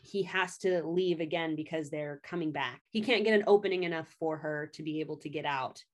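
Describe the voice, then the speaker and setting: Woman recapping a story, chatty and swears a lot, kinda low voice, acts out the characters' lines. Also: brisk. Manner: animated, profane retelling with quoted voices. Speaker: podcast co-host recapping a story. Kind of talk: casual chat.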